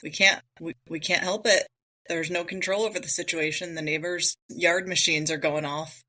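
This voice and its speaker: A woman's voice: lowish voice, steady tone, normal speed, sharp tone, rough recording. A woman hosting a solo podcast, talking through ideas in a casual, thinking-aloud way with many rhetorical questions. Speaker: podcast host. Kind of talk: solo reflective talk on mindfulness.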